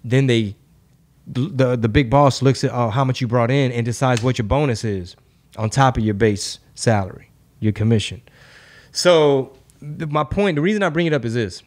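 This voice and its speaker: A man hosting a casual comedy podcast, profane and riffing, slipping into quick impressions. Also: medium pitch. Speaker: podcast host.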